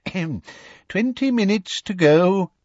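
Guy reading fussy old wizard examiner, soft fretful voice, pitched way up. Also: animated, a little slow, no room sound, lo-fi sound. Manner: soft, fretful, dry little coughs.

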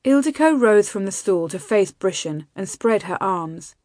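A woman reading a romance novel aloud in a soft, intimate, measured way. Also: mid-range voice, lively intonation, no echo, clean studio sound. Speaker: audiobook narrator. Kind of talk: scripted romance narration.

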